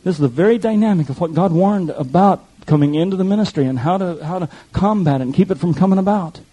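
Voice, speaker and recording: Husky-voiced man preaching a sermon. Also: high-pitched, fast, warm tone, poor audio. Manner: impassioned, addresses the congregation directly. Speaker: pastor.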